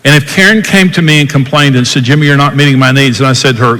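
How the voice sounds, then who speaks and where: A man's voice: on the high side, quick pace, pushed and bright. An older man hosting a podcast, teaching about marriage in an earnest, emphatic way. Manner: earnest, emphatic, acts out quoted dialogue. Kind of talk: teaching talk. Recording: long hall reverb.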